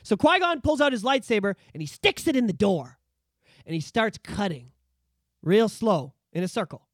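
A man co-hosting a podcast in casual chat, ranting in a profane, animated way. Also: sits high, moderate pace, dry recording, clean studio sound. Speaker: podcast co-host.

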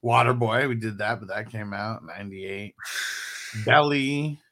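A man co-hosting a podcast in easygoing casual chat, often answering with quick agreement. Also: fairly low pitch, pushed and bright. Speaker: podcast co-host.

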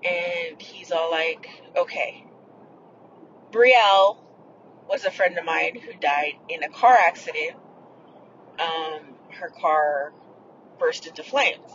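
A woman's voice: low-pitched, slow, a bit bright, highs cut off, a little hiss or hum. A woman hosting a podcast, telling a personal story in a blunt, profane, rambling way. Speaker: podcast host. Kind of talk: casual storytelling.

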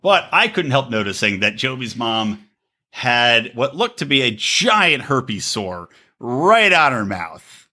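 A man hosting a podcast, chatting casually and profanely, acting out quotes in high squeaky voices. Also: takes it slowly. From Los Angeles area. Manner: animated, swearing, acts out quotes in high voices. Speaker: podcast host.

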